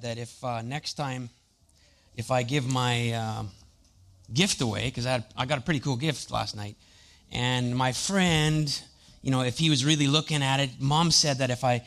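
Pastor guy in his 30s telling funny family stories in a sermon, chatty and jokey, mid pitch. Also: a bit bright. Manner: chatty, storytelling, self-deprecating humor.

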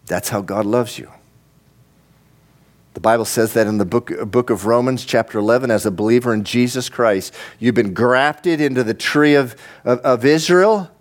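A man's voice: medium pitch, normal speed. A pastor preaching a sermon in a church, talking straight to his congregation and building to fervent, repeated emphasis. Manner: preaching with rising, impassioned emphasis and repetition; addresses the congregation directly.

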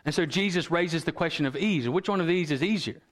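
A man preaching a sermon as pastor, earnestly reading scripture and story quotes aloud, slowing and dropping low for emphasis. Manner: slows and drops low for emphasis.

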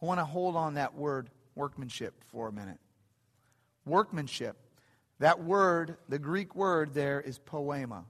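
Building toward excited peaks by repeating phrases, a middle-aged preacher gives an animated sermon at a slightly slow pace. His voice sits a bit high for a man, echoing with long reverb in the church sanctuary.

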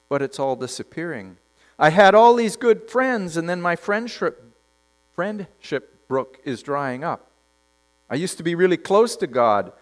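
Brief: animated male preacher, storytelling sermon, expressive swings in pitch. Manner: animated storytelling, acts out characters, drops to quiet emphasis.

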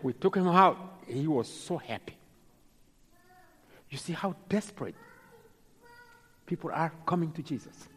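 Husky preacher with a lively voice. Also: male voice, fairly high pitch. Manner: dramatic, acts out the people in his stories; halting, repeats words. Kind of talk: sermon storytelling. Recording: long hall reverb.

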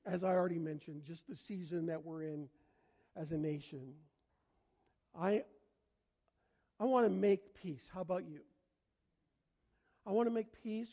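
A man's voice: high-pitched, mellow. An older man with a Canadian accent preaching a sermon to a congregation, talking in a conversational, joking way and asking the room to answer back. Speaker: pastor. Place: church before a congregation.

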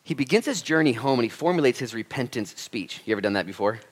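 Animated male pastor preaching. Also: medium pitch, fast. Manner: animated, acts out quoted speech, frank and humorous. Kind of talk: sermon with storytelling. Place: church.

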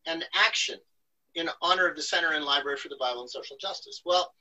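A man hosting an online gathering, speaking in halting academic phrases full of fillers. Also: a little high, bright, forceful tone, recorded from a distance, poor audio. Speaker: host. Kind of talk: online event moderation.

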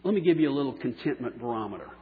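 A pastor preaching a sermon, slowing down for key phrases and letting line endings trail off softly. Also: male voice, medium pitch, expressive. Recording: echoey hall on a tinny phone-like line.

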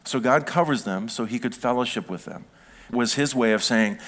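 A man's voice: medium pitch, brisk, fairly bright tone. A middle-aged man preaching a sermon in a conversational way, building up to emphatic peaks. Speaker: pastor.

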